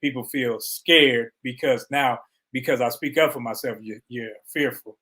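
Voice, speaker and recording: A man in a casual group discussion, talking in a passionate, animated way. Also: mid-range voice, moderate pace.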